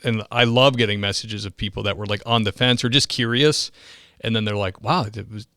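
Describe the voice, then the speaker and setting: A man's voice: on the low side, fairly even intonation, brisk, pushed and bright, clear, resonant tone, no echo, clean studio sound. A man hosting a podcast, chatting casually and loosely with lots of fillers. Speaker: podcast host. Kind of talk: casual interview talk.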